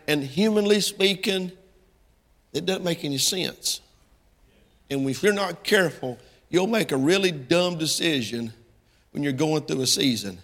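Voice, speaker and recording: A middle-aged man preaches in a folksy, plain-spoken style that swells into impassioned cries. His voice sits high and has a bright, gravelly edge. It rings through a hall with a long reverb. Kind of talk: sermon.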